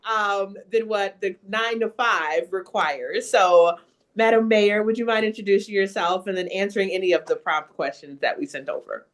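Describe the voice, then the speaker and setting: A woman's voice: medium pitch, normal speed. A woman moderating a town hall panel, introducing speakers in an upbeat, enthusiastic way.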